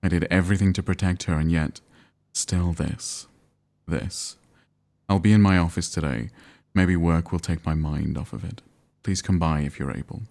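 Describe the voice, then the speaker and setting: A man reading out a grieving mother's messages in a deep voice, with formal, pleading phrasing. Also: fairly even intonation, normal speed, vocal fry, darkish tone.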